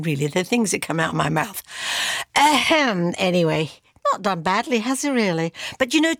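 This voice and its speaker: A woman presenting a radio show, chatting between songs in a self-mocking, animated way. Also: on the low side, no echo, studio quality.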